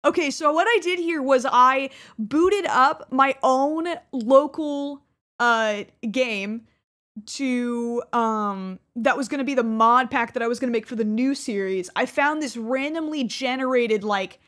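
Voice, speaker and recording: A woman's voice: sits high, a bit bright. A woman, chatting casually and mocking herself as a gaming creator looking back on her early videos. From Texas. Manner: chatty, many fillers and quick self-mocking asides. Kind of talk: casual reflective chat.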